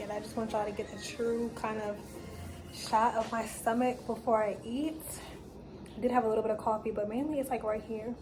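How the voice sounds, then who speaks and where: A young woman from the United States chatting in a casual sit-down vlog at home, animated and emotional, with plenty of "like" and "y'all.". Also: fairly high pitch. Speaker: vlogger.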